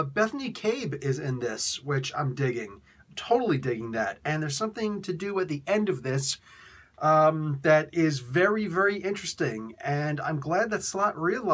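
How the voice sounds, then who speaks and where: A man casually reviewing a comic book for his video channel, excitable and rambling, laughing often. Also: a little high.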